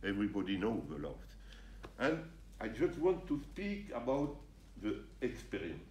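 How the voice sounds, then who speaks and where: Older French man, lively roomy talk. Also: on the low side, normal speed. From France. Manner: animated, emphatic, broken English, jokey asides. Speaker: guest speaker. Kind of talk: informal talk to referees. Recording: roomy sound from a distance, faint ambience.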